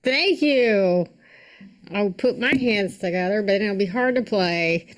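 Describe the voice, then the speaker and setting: A woman doing a stand-up comedy set, landing short wordplay punchlines in a dry, deadpan way. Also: medium pitch, slow.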